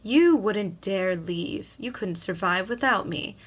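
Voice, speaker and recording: A woman's voice: medium pitch, expressive, slow. A woman voicing a domineering, controlling middle-aged mother in an audiobook.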